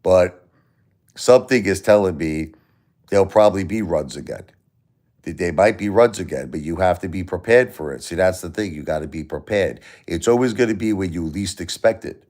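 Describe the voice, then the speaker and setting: A man's voice: low voice, normal speed, darkish tone. A middle-aged man hosting a casual livestream, talking bluntly, swearing freely and asking rhetorical questions. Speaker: livestream host. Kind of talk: casual livestream talk about stocks.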